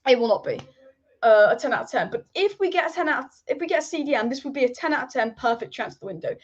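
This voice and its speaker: A woman with a high voice hosts a live football stream. She rambles with strong opinions and repeats her points for emphasis, and the audio is dull and lo-fi. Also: lively intonation, fast talker. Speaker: football channel host. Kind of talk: live-stream football chat reading viewer comments.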